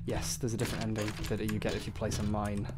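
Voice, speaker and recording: A man's voice: fairly low pitch, monotone, fast, background noise. Dry, sarcastic man streaming a game. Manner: dry sarcastic, often trailing off quietly. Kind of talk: casual gaming stream chat.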